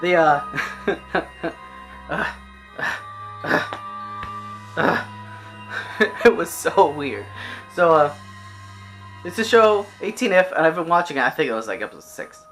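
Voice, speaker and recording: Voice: medium pitch, animated, slow, pauses often, fairly bright tone, faint music behind. A person giving a casual, rambling, exasperated rant reviewing an anime, full of restarts and swearing.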